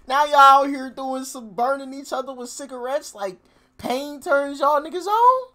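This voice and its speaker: A man hosting a music reaction, casually commenting in an animated, profane way, laughing often and swinging between loud outbursts and low mutters. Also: unhurried.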